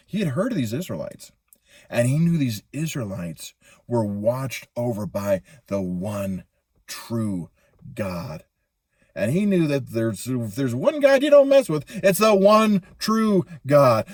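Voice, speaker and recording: Man, children's storyteller, animated, husky, dry close sound. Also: medium pitch, a little slow, no echo. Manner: animated, playful. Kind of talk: children's Bible story telling.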